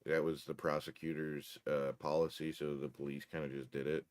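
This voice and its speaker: A man's voice: extremely low pitch, level tone, fairly quick, darkish tone, a little hiss or hum. A man telling a story in casual chat, profane and wry.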